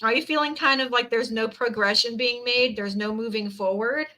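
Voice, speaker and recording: A woman reads tarot cards for her viewers in a bright, clear voice. She speaks earnestly and emotionally, close to tears, and keeps repeating her words of encouragement. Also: on the high side, steady tone, moderate pace, poor audio. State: teary, near crying. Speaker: tarot reader. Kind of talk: live tarot reading to viewers.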